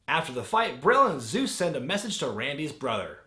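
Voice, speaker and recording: A man giving a sarcastic, comedic movie review with sudden shouted outbursts. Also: fairly high pitch, very animated, fairly quick, reverberant, very noisy. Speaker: wrestling film reviewer.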